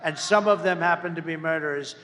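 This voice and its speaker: A man's voice: on the high side, fairly quick, fairly bright tone. A man giving a boastful, rambling campaign rally speech, mocking his opponents as he goes. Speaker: political candidate. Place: large rally venue. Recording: echoey hall, faint background noise.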